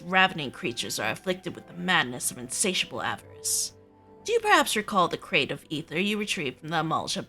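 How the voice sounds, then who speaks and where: A woman's voice: fairly low pitch, creaky, bright, forceful tone, full character voice. A woman reading the lines of a theatrical mage guild master aloud from a game, in a dramatic, mock-solemn way.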